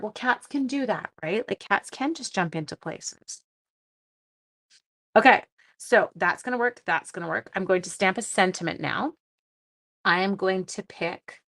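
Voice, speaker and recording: Chatty Canadian woman hosting a crafting live stream, slightly low voice, greets viewers as she works. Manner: chatty, greets viewers by name, thinks aloud. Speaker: card-making livestream host. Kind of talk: casual live-stream chat while crafting.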